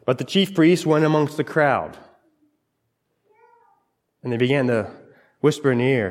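A man's voice: mid-range voice, animated, measured pace, pauses often. A man preaching a sermon, telling a scripture story dramatically in short, broken phrases. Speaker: pastor. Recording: long hall reverb.

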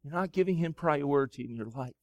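Man, pastor, sermon, fairly high voice, dry close sound, quiet-to-loud preaching. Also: fairly quick, dry recording. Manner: swings from soft, low storytelling to loud, high-pitched preaching.

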